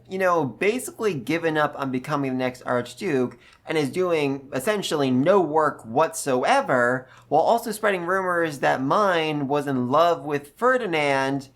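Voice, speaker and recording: A man hosting a casual, animated book recap who jumps into voices for the characters. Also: on the high side. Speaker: book review host.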